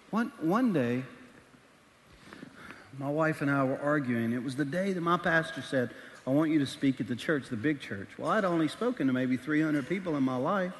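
A middle-aged pastor preaches a sermon, candidly telling a personal story and acting out the voices in quick bursts. His voice is a little high, with slight background noise and large hall reverb in the recording.

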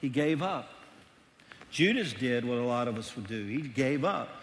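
A middle-aged man, preaching a sermon as pastor, telling stories animatedly and swinging between loud and hushed. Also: medium pitch, lively intonation, moderate pace, a little hiss or hum. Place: church auditorium. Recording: long reverb of a large hall.

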